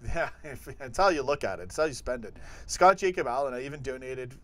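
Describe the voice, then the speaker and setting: A man's voice: mid-range voice, lively intonation, brisk, fairly bright tone. A man from Canada hosting a live football chat stream, chatty as he reads out donations and chat messages. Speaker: host.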